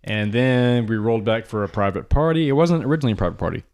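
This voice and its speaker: A man hosting a casual podcast chat, talking in a brash, profane and excitable way. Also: medium pitch, fast. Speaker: podcast host and drummer.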